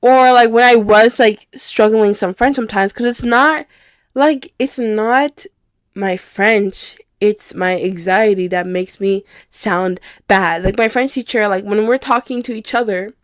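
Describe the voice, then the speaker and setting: A woman's voice: mid-range voice, unhurried. A young adult woman hosts her own candid podcast, thinking aloud rather than reading from anything. Her mid-range voice wanders through fillers and restarts, with casual swearing. The sound is dry and close, with no room echo. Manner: rambling, filler-heavy, swears freely. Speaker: podcast host.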